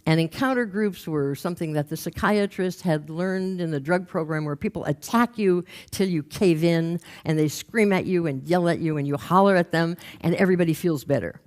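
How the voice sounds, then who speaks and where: A woman's voice: on the low side, normal speed, few pauses. An older woman telling a personal story in a wry, conversational way. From raised in Los Angeles. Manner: wry, conversational, acts out quoted voices. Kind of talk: storytelling talk.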